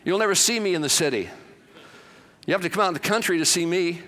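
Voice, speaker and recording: A pastor preaches to his congregation, his slightly high voice pushing up for emphasis and dropping low and quiet for stories. He tells the church he could preach for weeks. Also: quick pace, long pauses. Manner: emphatic preaching with wide swings between loud and hushed. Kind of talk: sermon.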